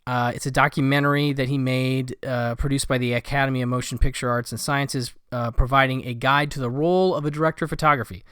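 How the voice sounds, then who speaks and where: Male film reviewer, casual and digressive, smooth resonant tone, dead-dry recording. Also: medium pitch, fairly even intonation, fast talker, hardly any pauses, a bit bright, no room sound. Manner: rambling, with many fillers and asides. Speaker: film collector reviewing a Blu-ray set.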